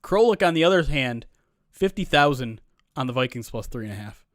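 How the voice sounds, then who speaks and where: A man hosting a live stream in relaxed chat, rambling from one thing to the next and restarting sentences as he reads comments. His voice sits at an ordinary middle pitch. The sound is dry and close, as from a desk microphone at home. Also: brisk, no echo. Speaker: streamer host.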